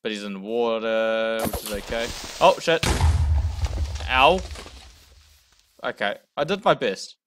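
A young man casually commenting on his own gameplay, jumpy and talking himself through his fear, going from quiet muttering to loud yells. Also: on the low side, expressive, slow, long pauses, background noise. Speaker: gamer playing a first session. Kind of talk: casual let's-play commentary.

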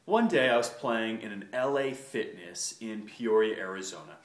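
A man's voice: on the low side, moderate pace. A man hosting a video, telling a story casually and rambling with plenty of filler words. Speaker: host. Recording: echoey room.

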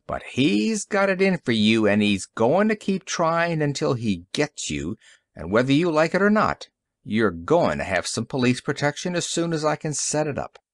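Man reading as a growling sarcastic detective, gruff, swinging pitch, dry close mic. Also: sing-song, normal speed, no room sound. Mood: bitter. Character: bitter, gruff male police detective.

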